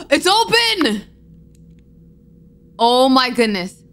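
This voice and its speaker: A woman's voice: sits high, very animated, very slow, fairly bright tone, slight background noise. A woman streaming a horror game, gasping and talking anxiously to herself as she plays. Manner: jumpy, gasping, anxious self-talk. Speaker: gaming streamer. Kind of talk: horror game let's play commentary.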